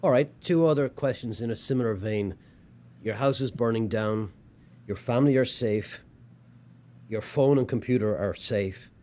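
A male interviewer with a warm, dark voice. He backs up his guest with frequent short agreements and moves the talk along with plain, direct questions. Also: mid-range voice, moderate pace. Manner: affirming, with short agreeing backchannels. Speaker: podcast host. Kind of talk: interview conversation.

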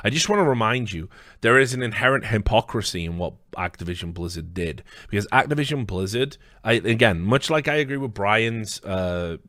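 A man's voice: fairly low pitch, animated, a little fast, a bit bright, no echo, clean studio sound. A man hosting a commentary video, delivering an angry rant full of swearing and rhetorical questions.

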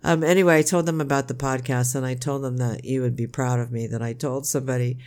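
An older woman, a podcast co-host, chatting casually with her son in a rambling, halting way with many restarts. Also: a bass voice, steady tone, a little mellow. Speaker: podcast co-host, mother of the other host. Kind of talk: casual chat.

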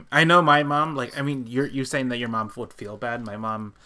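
A man chatting casually, speaking softly and haltingly with restarts. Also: mid-range voice. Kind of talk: casual chat.

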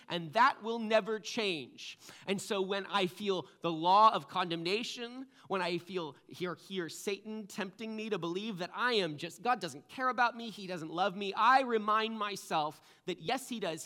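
Male pastor, high bright voice, earnest sermon delivery.

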